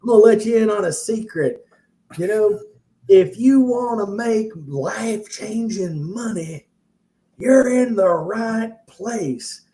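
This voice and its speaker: A man voicing a hyped male real-estate seminar guru with a Southern accent, pumping up a crowd. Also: slow. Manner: fiery, shouting crowd-pumping pitch.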